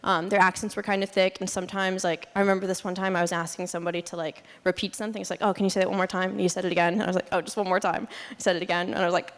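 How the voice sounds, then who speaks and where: A young woman gives a casual student presentation in a mid-pitched voice, chatty and full of fillers. She laughs often as she talks. A long hall reverb trails behind her voice. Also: fairly even intonation, fast talker. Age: young adult. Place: lecture hall.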